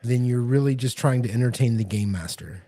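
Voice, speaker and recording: A man's voice: medium pitch, brisk, warm tone. A man co-hosting a casual podcast as game master, rambling with many restarts. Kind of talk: casual chat.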